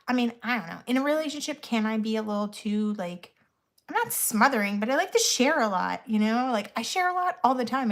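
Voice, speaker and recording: A woman in her thirties talking casually to the camera while she does her makeup. She is blunt and chatty and swears freely, the way she would with a friend. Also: fairly high pitch. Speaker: vlogger.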